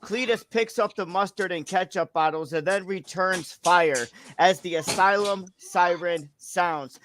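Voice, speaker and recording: A mid-pitched host reading an over-the-top wrestling story at an easy pace, with a faint hiss behind the voice. Steady storytelling that now and then jumps in to correct someone. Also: a little slow. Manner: coaching and correcting the reader. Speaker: show host. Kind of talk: livestream read-along and chat.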